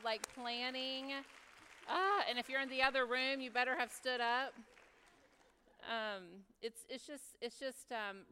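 A woman's voice: mid-range voice, pushed and bright, smooth, big-room sound. A woman with a Texas accent, speaking as a women's retreat speaker in a chatty, folksy way, full of fillers and asides. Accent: Texan. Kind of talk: casual sermon talk. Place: church hall.

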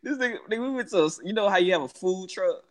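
A man trades jokes and slangy banter as a podcast co-host, often breaking into laughter. His pitch moves around a lot, rising and falling as he tells stories. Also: expressive, fast talker, a bit bright. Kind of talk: casual banter.

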